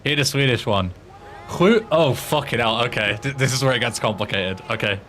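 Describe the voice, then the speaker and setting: Brief: young British streamer, mid-pitched, casual and sweary, faint hum behind. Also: male voice, animated, moderate pace, fairly bright tone. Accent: British English. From Britain. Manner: swearing, laughing at his own attempts at tongue twisters. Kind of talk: casual gaming stream chat.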